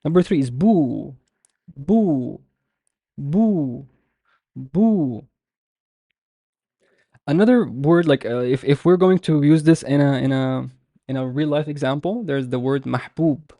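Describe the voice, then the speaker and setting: Male teacher, slow and patient, gravelly warm voice, dry close recording, repeats drills. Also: a little high, dry recording. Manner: patient, repeats words slowly with many fillers. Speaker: language teacher. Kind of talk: slow explanatory lesson.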